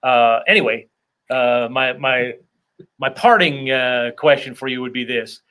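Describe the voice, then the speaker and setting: A man hosting a loose comedy chat, wandering off into jokes at his own expense. His voice is bright and forward at a middling pitch. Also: fairly even intonation, unhurried, clean tone. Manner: rambling, self-deprecating, joking asides. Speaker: podcast host. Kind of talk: casual comedic interview chat.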